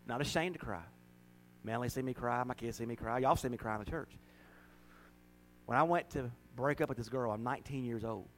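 A middle-aged man delivers a folksy, heartfelt sermon. His voice sits at an ordinary pitch but jumps high and loud when he laughs or gets emotional. A faint hum runs underneath. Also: brisk, rough recording. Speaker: pastor.

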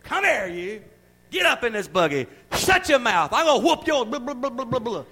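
A man's voice: very high-pitched, big pitch swings, moderate pace, husky, pitched above the performer's own voice, exaggerated voice. A man playing an angry parent who barks orders at a child in a store. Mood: scolding. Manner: harsh, loud barking orders.

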